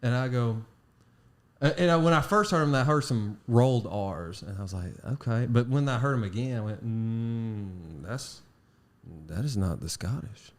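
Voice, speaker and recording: A man hosting a podcast, casually telling a rambling, animated story with laughs along the way. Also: medium pitch, fairly quick. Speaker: podcast host.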